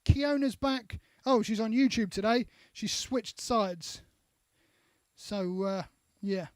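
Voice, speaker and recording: Male co-host, very high voice, chatty comment-reader, dry close mic. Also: takes it slowly, no echo. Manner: chatty, reads out names with asides. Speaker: co-host reading viewer comments. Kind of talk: casual live-stream chat.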